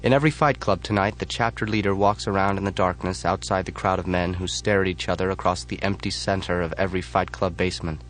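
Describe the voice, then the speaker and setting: A man reading a first-person audiobook in a measured, flat delivery. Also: sits low, a little hiss or hum. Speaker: audiobook narrator.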